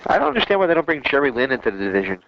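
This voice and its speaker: A man in his twenties co-hosting a casual wrestling talk show, opinionated but measured, often hedging his views. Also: medium pitch, sing-song, highs cut off, noisy background. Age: 20s. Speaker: podcast co-host.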